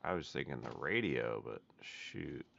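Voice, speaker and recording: This man's extremely low, gravelly voice is a bit bright, and he speaks expressively and without hurry. He's streaming a survival game, chatting with viewers as he plays in a casual live commentary. A dull lo-fi mic picks up faint noise.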